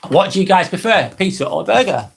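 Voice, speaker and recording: A man in his forties hosting a live stream, chatting casually and reading out viewer comments, friendly, rambling and quick to apologise. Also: sits high, very animated, gravelly, breathy edge. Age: 40s. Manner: chatty and friendly, ranting a little, apologising often.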